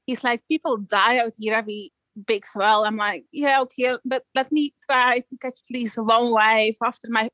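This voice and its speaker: A young Belgian woman, a guest surfer, tells a surfing story in casual conversation, animated and laughing often as she acts out what people said. Her voice is fairly high and her pace moderate. The rough recording has no echo.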